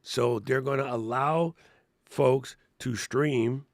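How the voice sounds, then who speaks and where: A man's voice: mid-range voice, lively intonation, a little slow, creaky, no echo, studio quality. A middle-aged man co-hosting a podcast, chatting casually and laughing as he explains things step by step. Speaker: podcast co-host. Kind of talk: casual tech and creator chat.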